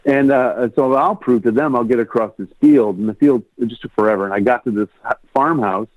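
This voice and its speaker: A man's voice: medium pitch, brisk, no room sound. Man telling a story, tinny line. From Rockford, Illinois, US. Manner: animated storyteller, acts out quoted lines in a raised voice. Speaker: guest, music producer. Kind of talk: telling a personal story in a podcast interview. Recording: tinny phone-like line, dry.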